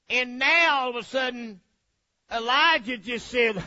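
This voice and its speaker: A preacher delivers a sermon in an animated, folksy, joking way. His voice sits high and bright. The recording sounds dull and lo-fi. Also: a little slow.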